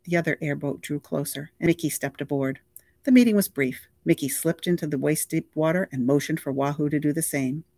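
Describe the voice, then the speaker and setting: An audiobook reader narrating a novel in a steady, even storytelling voice. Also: medium pitch, a little fast, no echo, studio quality.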